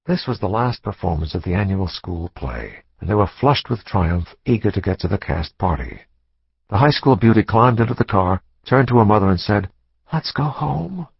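A man with a very low, gravelly, husky voice narrates a suspense novel in a measured, dramatic manner. The studio recording is dry and somewhat dull. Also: animated, no room sound. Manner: measured, dramatic thriller reading. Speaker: audiobook narrator. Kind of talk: scripted narration.

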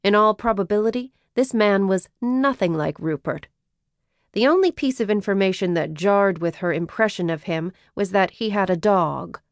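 Smooth-voiced woman reading an audiobook. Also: mid-range voice, animated, normal speed, no room sound, studio quality. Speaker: audiobook narrator. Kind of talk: scripted audiobook narration.

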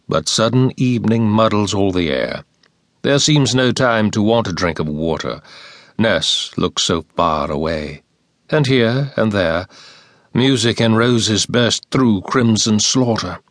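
A man reading war poetry aloud as an audiobook narrator, in a slow, measured and solemn recitation. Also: fairly low pitch, no room sound, studio quality.

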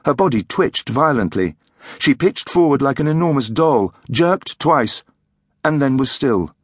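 A man narrating a mystery audiobook in an expressive, dramatic storytelling manner. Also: mid-range voice, unhurried, breathy edge, dry recording, clean studio sound.

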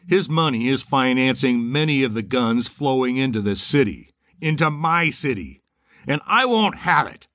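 A male narrator voicing a gruff, blustering newspaper publisher who rants forcefully, recorded dry. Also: medium pitch, no room sound, pitched above the performer's own voice. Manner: bellowing, forceful rant.

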